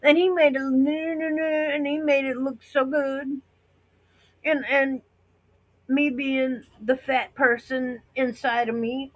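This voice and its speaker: Speaking slowly in a high-pitched, level voice, a middle-aged woman from the US gives her viewers a casual, rambling monologue. As a vlogger she acts out others' reactions, on a low-quality recording.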